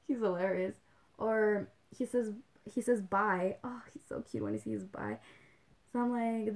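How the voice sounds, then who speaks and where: Young woman with a gravelly, vocal-fry voice. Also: a little high, moderate pace, warm tone. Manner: chatty, rambling, with many "like"s and little laughs; mixes in Spanish phrases. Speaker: livestream host. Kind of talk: casual chat.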